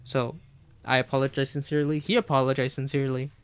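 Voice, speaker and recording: A man's voice: mid-range voice, level tone, quick pace, clean tone. A man co-hosting a podcast in casual chat, telling a work story steadily and giving short agreeing replies. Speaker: podcast co-host.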